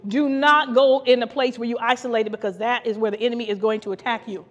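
A co-pastor from Ohio, USA, delivers a fervent sermon on a podcast, repeating her phrases and laughing now and then. She speaks fast in a slightly high, steady voice, and the recording has long hall reverb with the highs cut off.

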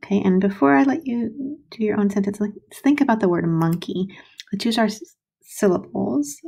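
A woman teacher giving a slow, patient recorded writing lesson to young children, spelling words out letter by letter. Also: mid-range voice, vocal fry, mellow, husky.

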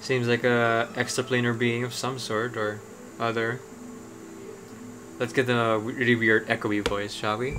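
A man's voice: mid-range voice, flat delivery, unhurried, noisy background. Rambling man streaming a game. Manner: rambling, thinks aloud with many ums. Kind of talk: casual gameplay commentary.

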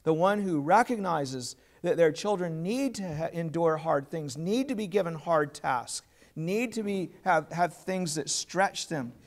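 A man's voice: fairly high pitch, animated, a little slow. A man preaching a sermon as pastor, earnest and plain, putting questions to his congregation.

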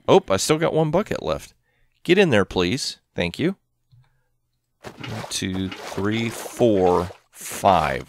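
Chatty low-voiced man thinking aloud. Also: no echo, clean studio sound. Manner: chatty, thinking aloud, counting items under his breath. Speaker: gameplay channel host. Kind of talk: casual gameplay commentary. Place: home room with his cat.

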